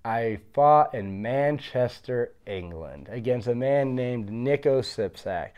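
Man telling fight stories, mellow and smooth. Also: medium pitch, takes it slowly, muffled recording. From Pennsylvania. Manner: animated, acts out the voices of others in his story. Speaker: professional fighter. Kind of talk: casual storytelling.

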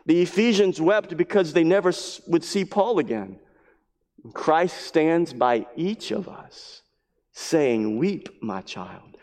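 A man preaching a sermon as pastor, earnest, repeating his phrases and dropping to a hushed voice for emphasis. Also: fairly high pitch. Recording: long hall reverb.

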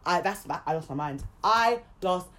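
A young woman, co-hosting a podcast and telling a story in a casual, animated way, swearing freely and acting out other people's lines. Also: on the low side, normal speed. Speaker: podcast co-host.

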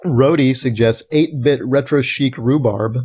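A man's voice: mid-range voice, a little slow, darkish tone, breathy edge. A man hosting a casual podcast, reading listener submissions aloud with frequent laughter. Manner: amused, reads names aloud, laughs often.

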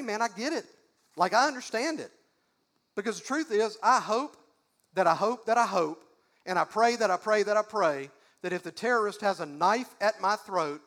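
A man's voice: high voice, a bit bright. A man preaching a sermon as a pastor, folksy and emphatic, with many repeated rhetorical questions.

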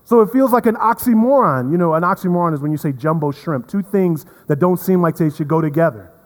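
A man preaching a sermon as pastor, earnest, repeating words and swinging from emphatic to hushed. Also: fairly high pitch, lively intonation, fast talker. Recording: long reverb of a hall.

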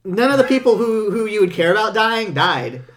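Man, slightly high voice, podcast chat, halting, dry sarcasm. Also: sing-song. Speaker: podcast co-host. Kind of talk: casual chat.

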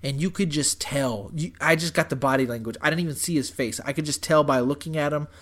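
A young man tells a story in casual chat, animated and profane, constantly throwing in "dude" and "bro." His voice is on the high side, and he talks fast.

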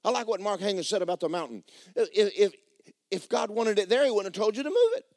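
A man preaching a sermon, emphatic and loud at times, dropping low for stories. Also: sing-song, quick pace, dry recording, studio quality. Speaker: pastor.

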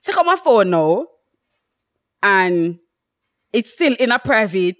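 A young woman chats as a podcast co-host. Her pitch swings widely as she tells stories, and she breaks into laughter often. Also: slow. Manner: animated storyteller, laughs often. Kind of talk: casual chat.

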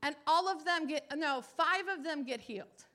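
Woman, preacher, sermon testimony, high pitch, bright tone, animated. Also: moderate pace. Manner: animated storytelling, acting out the people she quotes.

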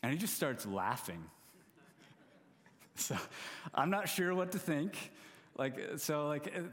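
A man's voice: a little high, sing-song, slow, pauses often, fairly bright tone. A man in his thirties preaching a sermon, telling a self-deprecating, humorous story about his family. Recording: long hall reverb.

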